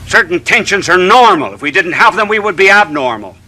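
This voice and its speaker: A man's voice: high voice, very animated, fairly quick, few pauses, bright, forceful tone, low-quality recording. A man, a bishop, giving a televised sermon in a studio, orating through long runs of rhetorical questions.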